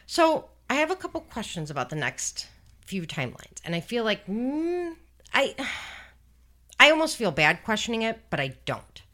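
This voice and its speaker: A woman hosting a true-crime podcast, chatting about a case with her co-host. Her voice is bright and her pitch jumps around a lot. She is blunt and swears easily. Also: moderate pace. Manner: animated and blunt, swears freely.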